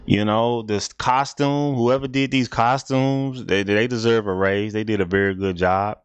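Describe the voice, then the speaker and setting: A man's voice: fairly low pitch, steady tone, a little slow, smooth, dry recording. A man hosting a casual reaction video, talking in a rambling, repetitive, laid-back way.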